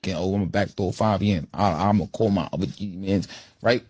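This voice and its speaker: A man's voice: deep voice, a little fast, darkish tone, breathy edge, dry recording, clean studio sound. A man casually telling a loose, boastful street story in an interview clip.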